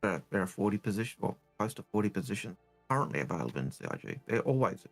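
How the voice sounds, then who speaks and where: A man's voice: on the low side, sing-song, very fast, faint music behind. A man co-hosting a casual gaming podcast, who talks in a hesitant, repetitive way and turns blunt and heated when annoyed. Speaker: co-host.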